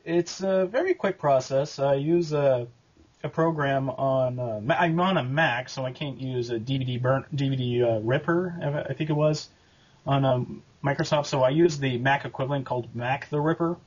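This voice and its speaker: A man answering interview questions about making his abridged series, talking casually and haltingly with lots of fillers and restarts. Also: medium pitch, a little mellow, slightly rough, dull audio. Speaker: abridged series creator and voice actor.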